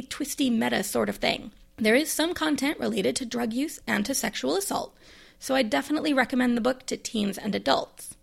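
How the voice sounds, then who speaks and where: A woman with a gravelly, husky voice, pitched a bit high for her sex. She talks through new books in a chatty, enthusiastic way, like a librarian sharing favorites. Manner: chatty, enthusiastic, bookish asides. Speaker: librarian and podcast host. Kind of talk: casual book review monologue.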